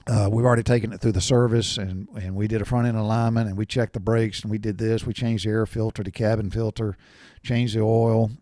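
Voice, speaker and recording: A man's voice: lowish voice, level tone, fairly quick, mellow, dry recording, studio quality, natural voice. A man voicing a young, eager male car salesman who lists items hesitantly with many fillers. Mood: rattling off.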